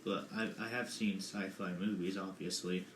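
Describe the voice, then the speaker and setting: His voice sits low with a steady tone and moderate pace: a young man co-hosting a casual podcast who rambles and hedges while talking. Faint noise and room echo are audible.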